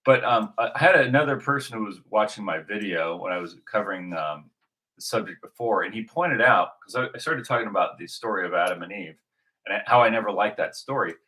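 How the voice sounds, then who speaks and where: A man talks through a loose religious monologue with a bright, forceful tone and a lowish voice. He rambles, restarts his sentences and fills pauses with ums and uhs. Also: expressive. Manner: rambling, many restarts and fillers. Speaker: video host.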